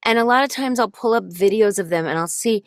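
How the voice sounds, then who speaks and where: A woman voice actor speaking as an interview guest, telling stories in an animated, thoughtful way. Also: on the high side, fast talker, no room sound, studio quality. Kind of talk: casual interview chat.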